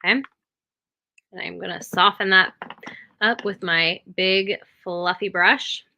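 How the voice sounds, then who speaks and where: A woman's voice: mid-range voice, fairly even intonation, slow, gravelly, sharp tone, a little hiss or hum. A woman giving a step-by-step makeup tutorial, talking the viewer through each move and checking in with a frequent "okay?".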